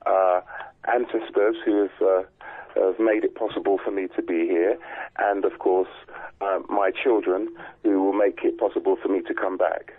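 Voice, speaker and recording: A man's voice: low-pitched, flat delivery, moderate pace. Guy calling in on the phone, earnest, lots of uhs, tinny phone-line sound. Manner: earnest, hesitant with fillers. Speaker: guest. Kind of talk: radio interview. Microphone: telephone.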